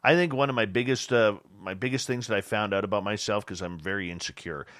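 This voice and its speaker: A man's voice: lowish voice, fast, dry recording, studio quality. A man hosting a radio show, chatting casually and jokily with his guest, sometimes turning self-deprecating. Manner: jokey, animated, self-deprecating. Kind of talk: casual interview chat.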